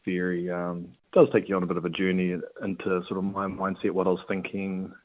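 Talking a little fast in a deep monotone, a rugby player chats casually as an interview guest, frequently hesitating with ums and restarts. No echo is present, though the recording has a tinny, phone-line sound.

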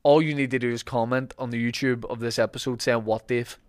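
A man's voice: medium pitch, fairly even intonation, brisk, clear, resonant tone. A man with a Northern Irish accent hosting a podcast, reading ads in a casual, joking way and correcting himself as he goes. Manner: chatty, joking, self-correcting. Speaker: podcast host. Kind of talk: casual podcast chat with ad reads.

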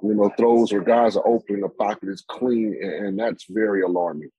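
Brief: man, low husky voice, opinionated football analyst, rambling talk, dry close sound. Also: moderate pace, dark tone, dry recording, rough recording. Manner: rambling, opinionated, many fillers and restarts. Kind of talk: sports talk discussion.

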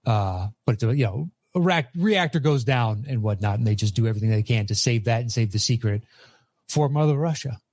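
A man's voice: medium pitch, expressive, fairly quick, a little mellow, no room sound, clean studio sound. A man co-hosting a casual movie chat, recapping plots in a rambling way with filler words. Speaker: podcast co-host.

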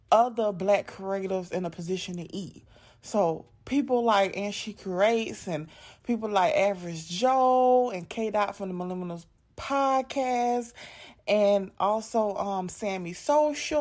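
A young woman, a content creator and podcast host, talking in an emphatic, casual monologue, often saying "like" and "right?". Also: mid-range voice. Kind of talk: casual direct-to-camera monologue.

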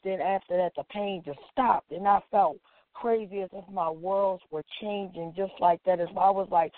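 A woman's voice: medium pitch, normal speed, no echo. A woman casually recounting a personal story, animatedly acting out the dialogue of the people in it. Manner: animated, acts out quoted dialogue, frequent "like". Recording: dry, tinny phone-like sound.

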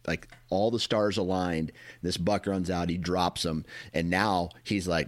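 Deep-voiced man hosting a podcast. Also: a little slow, dry recording. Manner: relaxed, summing up the guest's points. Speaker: podcast host. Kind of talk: casual interview.

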